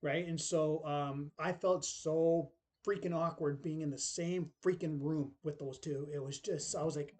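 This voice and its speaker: A man's voice: fairly high pitch, fairly even intonation, measured pace, darkish tone. A middle-aged man telling a personal story in casual, rambling speech, full of tag questions and acted-out quotes.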